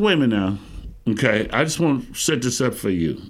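A middle-aged man with a gravelly voice preaching a sermon, fervent and emphatic, calling out to his listeners. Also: medium pitch, lively intonation, fairly quick. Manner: fervent, emphatic preaching with call-outs to the congregation. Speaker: pastor.

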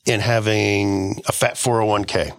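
A man's voice: fairly low pitch, little pitch movement, measured pace, vocal fry. A middle-aged man in a casual podcast discussion, rambling through stories with frequent restarts.

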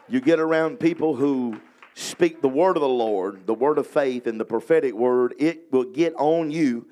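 A man with a Louisiana accent and a warm, mid-range voice preaches a revival sermon in a hall, drawing call-and-response from the congregation. As an evangelist, he reads scripture slowly and prays with rising intensity.

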